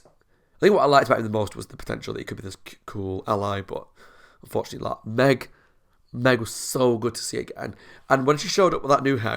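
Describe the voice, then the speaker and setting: Young man, reaction video host, casual and enthusiastic, some vocal fry. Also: medium pitch. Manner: chatty, enthusiastic, rambling. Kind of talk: casual recap to camera.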